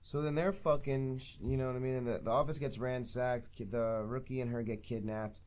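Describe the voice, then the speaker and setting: A man's voice: medium pitch, fairly even intonation, fairly quick, darkish tone. Man swearing through a movie review. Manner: profane, mocking. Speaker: podcast co-host. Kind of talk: casual movie review chat.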